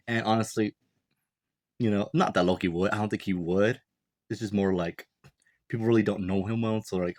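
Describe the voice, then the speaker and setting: Young guy low voice chatting thru a manga recap, lots of like and you know, dry close sound. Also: steady tone, fast talker, darkish tone, no echo. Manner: rambling, chuckling, heavy on "like" and "you know". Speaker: manga reviewer. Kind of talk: casual chapter breakdown.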